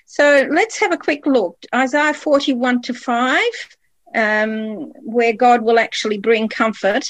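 Woman, Bible study leader, higher voice, dry close sound, guides and questions the panel. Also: steady tone, slow, no echo, poor audio. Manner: guiding, asks the panel questions. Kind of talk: group Bible study discussion.

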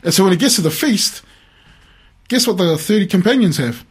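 A man co-hosts a relaxed Christian radio chat at a studio microphone. His voice is slightly husky and sits a little high for a man. He tells stories in an animated way, acting out the voices of the people in them. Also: a little fast. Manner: storytelling, animated with acted-out quotes. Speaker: radio co-host.

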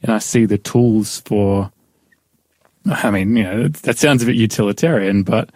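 Mellow man musing about faith. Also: fairly low pitch, normal speed, dry recording. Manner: reflective, searching for words. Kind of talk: casual faith discussion.

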